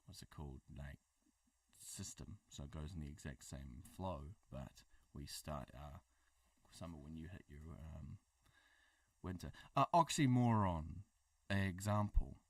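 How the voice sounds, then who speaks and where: A man's voice: a bass voice, a little slow, dry recording, distant mic. A man with a New Zealand accent co-hosting a livestream, joking and rambling with lots of fillers. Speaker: co-host of a livestream. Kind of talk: casual chat.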